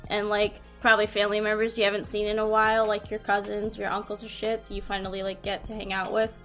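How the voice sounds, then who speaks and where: A woman's voice: medium pitch, completely flat delivery, fast talker, fairly bright tone, soft background music. A woman co-hosting a casual group chat, teasing her friends in a playful way. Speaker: co-host.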